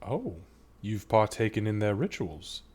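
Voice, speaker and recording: A man voicing a wry high priestess. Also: very animated, a little slow, a little mellow. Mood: teasing. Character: composed middle-aged woman high priestess.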